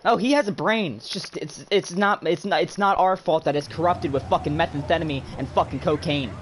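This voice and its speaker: A man's voice: a little high, a little fast, noisy background. A man streaming a racing game, ranting angrily and swearing nonstop at another player. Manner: furious, profane, ranting. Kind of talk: angry rant during live racing game stream.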